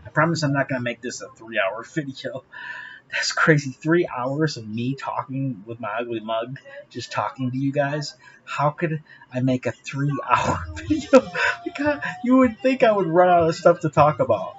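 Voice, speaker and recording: A man's voice: medium pitch, expressive, moderate pace, lo-fi sound, a little hiss or hum. A man talking straight to his viewers in a rambling, profane monologue, laughing often. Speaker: vlogger.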